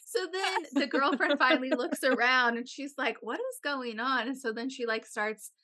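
A young adult woman telling a long story in casual chat, animated and profane, with many "like"s. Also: high-pitched, normal speed, background noise.

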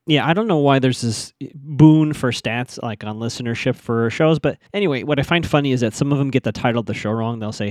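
A man hosting a podcast, recapping a TV episode in a chatty, animated way and acting out the characters' quotes. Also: medium pitch, a little fast, dry recording, clean studio sound. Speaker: podcast host. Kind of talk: casual recap commentary.

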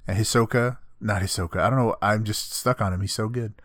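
A man's voice: fairly low pitch, brisk, dry recording, clean studio sound. A man co-hosting a casual podcast chat, recapping anime episodes in a loose, profane way. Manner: loose, profane, acts out characters in a flat voice. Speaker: podcast co-host.

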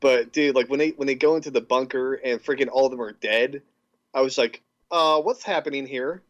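A man's voice: medium pitch, steady tone, fairly quick. A young man co-hosting a podcast in casual chat, rambling with enthusiasm through his favorite scenes. His voice sits in an ordinary middle register and comes through a slightly dull, lo-fi mic. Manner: enthusiastic, rambling with fillers and restarts. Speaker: podcast co-host.

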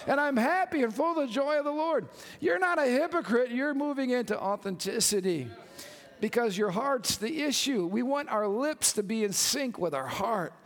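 Brief: high-pitched male pastor, animated sermon, long church reverb. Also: moderate pace. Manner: animated, joking, calls out to congregation.

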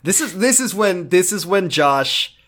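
A man's voice: high voice, expressive, fairly bright tone. Joking young man recapping a show. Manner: joking, mocking, quick asides. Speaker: podcast co-host. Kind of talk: casual comedic recap chat.

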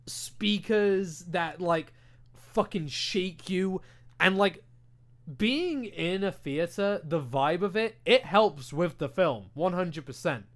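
British guy, young, high-pitched, casual podcast rant, swears a lot, desk mic. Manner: animated, ranting, heavy swearing and filler words. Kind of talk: casual chat. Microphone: desk microphone.

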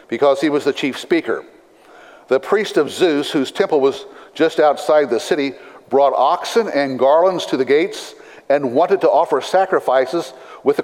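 A pastor giving a sermon, reading scripture in a measured, deliberate way with dry asides. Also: male voice, on the high side, darkish tone. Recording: long reverb of a large hall.

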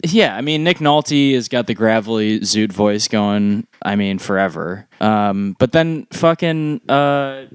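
A man's voice: fairly low pitch, lively intonation, slow pace, hardly any pauses, smooth, no room sound, clean studio sound. A man co-hosting a casual podcast chat, rambling, swearing often and laughing. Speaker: podcast co-host.

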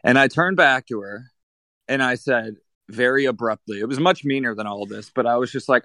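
A man who owns a piercing studio, telling a work story in casual chat with a blunt, profane, animated delivery. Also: medium pitch, normal speed, no room sound.

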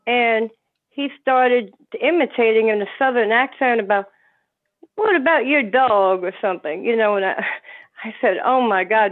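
A woman on a video call, sharing a heartfelt, rambling remembrance of a friend. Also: a little high. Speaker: meeting participant. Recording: tinny phone-like call audio.

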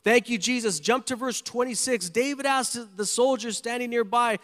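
A man preaching with fervor, his voice pitched unusually high for a man. He hammers his points home by repeating phrases again and again. His words ring out with a long reverb through the church. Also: moderate pace, a bit bright. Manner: fervent, repeats phrases for emphasis. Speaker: pastor. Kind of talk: sermon.

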